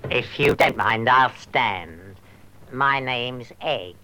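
Cagey bookseller, very slow and sharp-toned, hints and quiet threats. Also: male voice, mid-range voice. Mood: veiled, insistent. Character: secretive pushy middle-aged male bookseller. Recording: dull lo-fi old tape.

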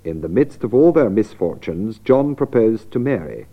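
A man narrating a scripted language lesson, clear and deliberate, restating ideas for emphasis. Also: lowish voice, very animated, lo-fi sound. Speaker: narrator and presenter of an English lesson.

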